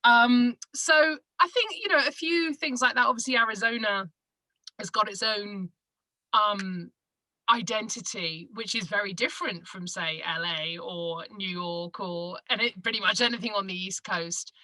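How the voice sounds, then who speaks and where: A Manchester woman from England, a podcaster and broadcaster, chats as a guest in a casual interview, telling stories with laughs and acting out the quoted lines. Her Northern English voice sits mid-range at a moderate pace. The recording is dry but rough.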